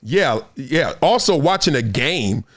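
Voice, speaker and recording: A man's voice: medium pitch, big pitch swings, slow. A male show host chatting casually on a livestream, telling stories with lots of laughter and acting out other people's lines.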